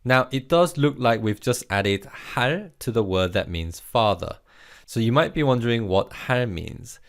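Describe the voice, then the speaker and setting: A man teaching a Korean vocabulary lesson, speaking slowly and clearly and leading listen-and-repeat drills in an encouraging way. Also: fairly low pitch.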